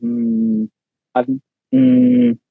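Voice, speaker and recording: A man's voice: very high-pitched, very animated, drawn-out words, gravelly, dry recording, phone-quality sound. A young man co-hosting a podcast, laid-back and teasing, rambling through stories with lots of fillers. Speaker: podcast co-host. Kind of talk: casual chat.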